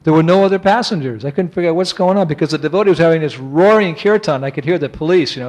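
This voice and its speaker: A man, a monk, giving an animated, anecdotal lecture and chuckling often as he tells stories. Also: on the high side, rapid-fire, hardly any pauses.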